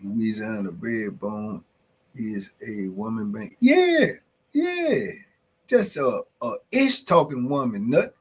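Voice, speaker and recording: A man's voice: mid-range voice, huge pitch swings, takes it slowly, husky, rough recording. A man hosting a morning podcast in casual banter, laughing often as he reacts to his chat. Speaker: podcast host. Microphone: podcast mic.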